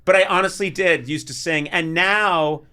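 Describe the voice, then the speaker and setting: A middle-aged man telling funny stories in casual chat. He is animated, laughs often, and gets loud when he is excited. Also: on the high side, moderate pace, clear, resonant tone. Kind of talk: comic storytelling chat.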